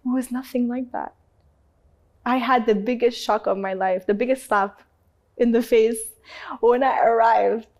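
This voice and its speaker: A woman's voice: fairly high pitch, measured pace, long pauses. A woman guest in an interview telling her own story with emphasis and a bit of casual swearing. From North Africa. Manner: animated, emphatic, acts out other people's voices.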